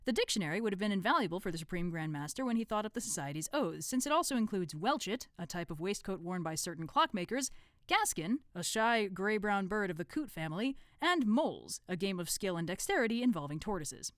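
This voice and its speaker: A woman reading a novel aloud on a stream, relaxed and amused, on a close home mic. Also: medium pitch, fairly quick, no room sound.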